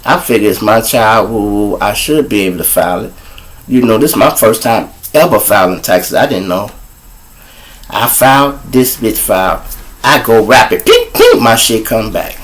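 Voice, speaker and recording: A man's voice: on the low side, moderate pace, fairly bright tone. A man hosting a live show, telling crude, preachy comic stories. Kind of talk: profane comic storytelling.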